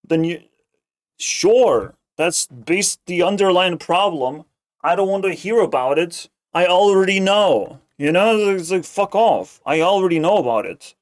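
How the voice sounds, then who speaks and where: Streamer, male, slightly high voice, sarcastic, swears nonstop, rambles. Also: unhurried. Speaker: streamer reacting to a video. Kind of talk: casual profane rant.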